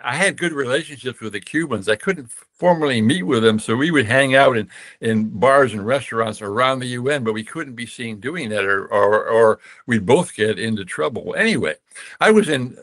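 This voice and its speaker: A man's voice: medium pitch, no echo. Older American man, rambling storyteller. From United States. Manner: rambling, many restarts, animated when quoting others. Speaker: guest. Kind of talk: storytelling interview.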